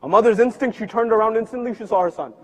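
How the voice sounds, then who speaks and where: A male preacher telling a story in a sermon, voicing its people and swinging from loud to hushed. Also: high-pitched, fast. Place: mosque hall. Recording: long hall reverb from a live stream.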